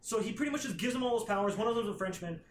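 Rambling, profane man, higher voice. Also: rapid-fire, a little hiss or hum. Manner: rambling, profane, acts out characters' lines. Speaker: podcast co-host. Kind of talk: casual chat, recapping a comic plot. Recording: roomy echo.

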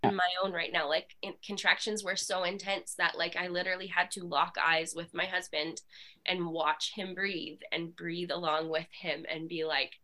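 Bright-voiced woman telling her story. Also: lowish voice, normal speed. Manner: animated, with frequent fillers and laughs. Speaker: podcast guest. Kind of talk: candid personal storytelling.

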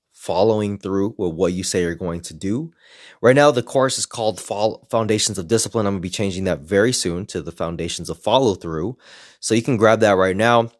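A man's voice: lowish voice, dry recording, clean studio sound. A man speaking frankly and reflectively in a casual personal monologue, swearing often as he shares his own experiences. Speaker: self-help creator.

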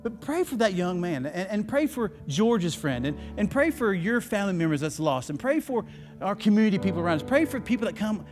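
A man's voice: high-pitched, very animated, brisk, over music. A male pastor preaching a sermon, telling a story in a folksy, emotional way with many restarts. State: tearful. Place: church.

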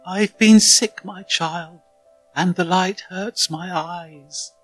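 Storybook villain: a greedy wolf faking a frail granny, bright and trembling, voiced by a man. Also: sits high, steady tone, soft background music, voice pushed up, heavily acted. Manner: trembling, slow, wheedling. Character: sly hungry male wolf disguised as granny.

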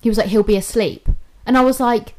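A woman's voice: a little high, brisk. A young woman, casually telling a story on a podcast, swearing often and acting out what people said. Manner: animated, swears often, acts out quotes.

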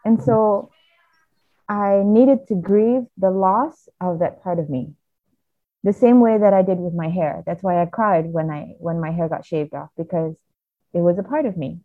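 A woman with a somewhat low voice speaks earnestly and reflectively as a podcast guest, often restarting her sentences. The sound is thin and tinny, like a phone line. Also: unhurried, dry recording. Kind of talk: candid personal storytelling.

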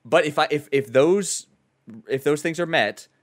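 A man's voice: a little high, moderate pace. A man co-hosting a gaming podcast, chatting casually and rambling through restarts. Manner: rambling, frequent restarts and fillers. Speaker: podcast co-host and streamer. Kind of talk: casual chat.

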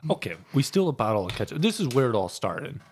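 A young man co-hosting a podcast, telling stories in an animated, profane way. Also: mid-range voice, fast, a little hiss or hum. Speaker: podcast co-host. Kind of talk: casual storytelling chat.

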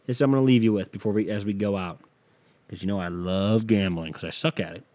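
A man's voice: lowish voice, quick pace, mellow. Offhand, swearing male podcast host. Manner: profane, offhand, reads odds aloud. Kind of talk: casual solo podcast.

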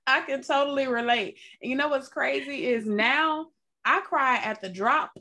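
Bright, affirming woman host. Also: high voice, normal speed. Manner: affirming, relatable, chatty. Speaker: podcast host. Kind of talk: supportive interview chat.

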